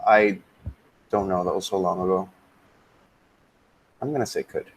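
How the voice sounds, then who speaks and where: Relaxed man teaching English grammar, fairly low. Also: measured pace, a little hiss or hum, low-quality recording. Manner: relaxed, thinks aloud with many ums and mutters asides. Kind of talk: casual grammar lesson, switching into Spanish.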